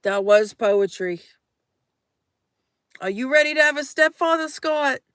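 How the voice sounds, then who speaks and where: A woman's voice: high-pitched, expressive, unhurried, a bit bright, dry recording, clean studio sound. A young adult woman live streaming late at night, reading chat aloud in a playful, theatrical way.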